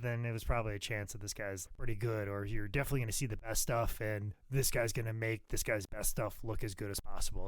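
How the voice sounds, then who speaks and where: A man co-hosting a wrestling podcast, telling animated, profane stories that swing loud. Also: fairly low pitch, no echo. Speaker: podcast co-host, pro wrestling worker. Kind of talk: casual podcast chat.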